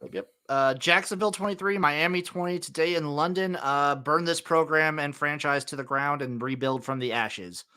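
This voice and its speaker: Young man, podcast host, bright voice, a bit higher pitch, blunt, profane. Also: normal speed, few pauses, smooth. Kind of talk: casual sports chat.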